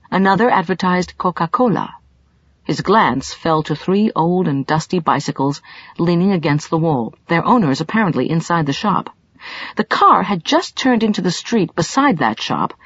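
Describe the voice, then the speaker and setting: A woman's voice: lowish voice, husky, no echo. A woman narrating an audiobook in a scripted, dramatic reading with shifting emphasis, recorded in a dull lo-fi, dry way.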